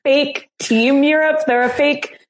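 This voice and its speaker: A woman co-hosting a podcast in easy, casual chat. She teases her co-host and laughs often. Her comebacks come quickly and playfully. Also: high-pitched, steady tone.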